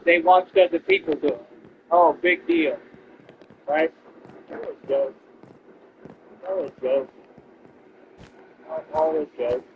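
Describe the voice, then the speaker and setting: Man, boastful confrontational rant, somewhat high voice, muffled lo-fi sound. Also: gravelly, background noise. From Texas. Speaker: streamer. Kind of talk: ranting to viewers while gaming. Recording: dull lo-fi stream audio.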